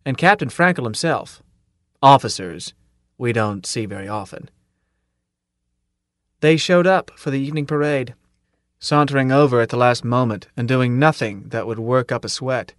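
A man reading first-person audiobook narration in a steady, measured way. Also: medium pitch, no echo, clean studio sound.

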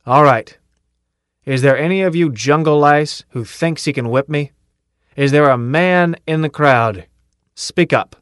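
A man's voice: on the high side, measured pace, dry recording, clean studio sound, pitched above the performer's own voice, lightly acted. A man voicing a tough, cocky male drill sergeant who barks and taunts his recruits in an audiobook. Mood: taunting. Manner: barking, taunting commands.

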